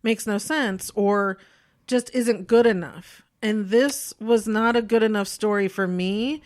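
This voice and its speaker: A woman co-hosting a podcast in casual chat, animated and opinionated, often laughing as she talks. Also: medium pitch, a little slow. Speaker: podcast co-host.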